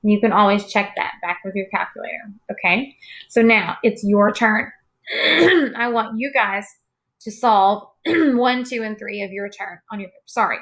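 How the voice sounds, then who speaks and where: Tired-voiced woman teacher, gravelly. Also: medium pitch, a little slow, a bit bright. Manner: patient, reassuring, talks straight to students. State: tired voice, clearing throat. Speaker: math teacher. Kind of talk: recorded classroom lesson.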